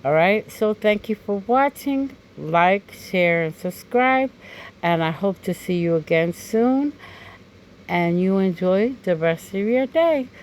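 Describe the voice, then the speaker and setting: A woman's voice: mid-range voice, expressive, slow pace, darkish tone, a little hiss or hum, poor audio. A woman hosting a craft channel, talking through her project in a chatty way with many fillers and tag questions like "okay?". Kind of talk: crafting tutorial voice-over.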